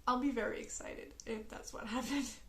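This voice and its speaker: A young woman with a French first language reviewing a book in a casual vlog, gushing and animated, laughing often and swearing casually. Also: fairly high pitch, normal speed. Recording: echoey room.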